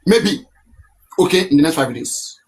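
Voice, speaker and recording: A man with a Nigerian accent is running a live stream in a voice pitched a little higher than most men's, lively but unhurried. His talk is casual and long-winded, looping back to repeat his point insistently.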